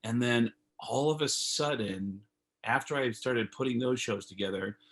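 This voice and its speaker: Husky-voiced comedian telling stories. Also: male voice, medium pitch, a little slow. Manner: animated storyteller, acts out phone calls in raised voices. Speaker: comedian guest. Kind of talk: casual storytelling over video call. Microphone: video call.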